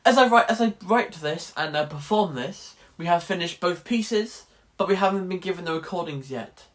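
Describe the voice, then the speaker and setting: A man's voice: high voice, expressive, moderate pace, a bit bright. A young man in his late teens chatting wryly in a casual vlog about his drama course. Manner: chatty and wry, restarts sentences. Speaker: drama student vlogger.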